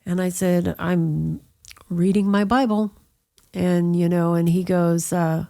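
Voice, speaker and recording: A woman's voice: on the low side, steady tone, slow, vocal fry, mellow. A middle-aged woman telling her personal faith testimony in a conversational interview, with frequent "you know" asides. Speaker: guest sharing her testimony.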